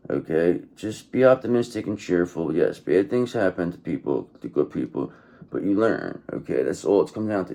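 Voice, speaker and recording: Here the tarot reader is a man with a lowish, gravelly, mellow voice. His casual reading is blunt, profane and repetitive, punctuated often by "okay."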